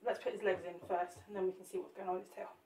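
A woman's voice: mid-range voice, level tone, racing, a little mellow, far from the mic. A woman chatting and joking with viewers as she demonstrates a cake sculpt live. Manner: chatty, jokey, talks to viewers while working. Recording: roomy echo, off the mic.

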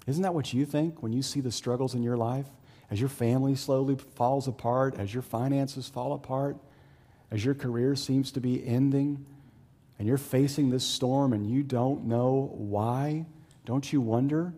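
A man preaching a sermon as pastor, talking to the congregation in a conversational way and swinging between loud, excited storytelling and low, hushed emphasis. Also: normal speed, big-room sound. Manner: conversational, with fillers and asides to the congregation.

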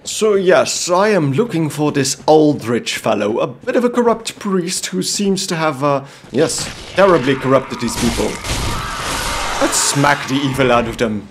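A man from Belgium narrates his game in character, playfully gallant and theatrical. His pitch swoops widely in comic bursts, yet he speaks slowly and deliberately. Faint ambience sits behind him. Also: very animated, a little hiss or hum. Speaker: gameplay commentator. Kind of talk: in-character let's-play commentary.

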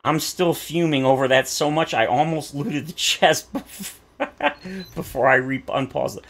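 A gaming YouTuber with a gravelly, slightly bright voice complains at length about a game, sounding theatrically exasperated. He's animated but a little slow, with big pitch swings.

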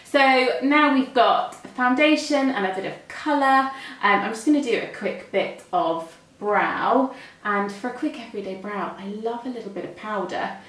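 A woman's voice: a little high, moderate pace, hardly any pauses, a bit bright, a little hiss or hum. A woman with a British accent, a makeup artist chatting through each step as she works. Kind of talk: makeup demonstration. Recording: echoey room, mic a bit far.

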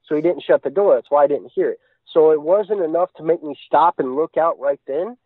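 A man's voice: a little high, brisk, no echo. A man recounting a frightening encounter in casual storytelling, earnest and run-on, chaining events together. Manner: earnest, tumbling run-on retelling. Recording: tinny dry phone line.

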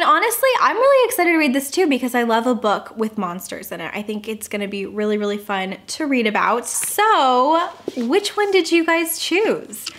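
A woman's voice: mid-range voice, a bit bright. A young woman talking casually to the camera as a book vlogger, bubbly and chatty with lots of fillers.

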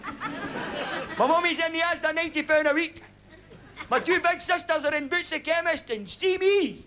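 A man's voice: very high-pitched, normal speed, sharp tone, some chatter behind, voice pushed up. A man doing a chirpy wee Scottish boy. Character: cheeky little Scottish boy, proud.

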